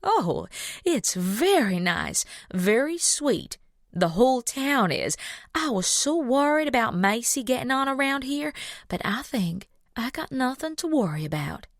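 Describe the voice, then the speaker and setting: A woman's voice: sits high, big pitch swings, unhurried, dry recording, studio quality, pitched above the performer's own voice, heavily acted. Woman doing a cooing Southern belle mother. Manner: sweet cooing drawl. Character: older wealthy Southern belle woman, sweet, doting mother.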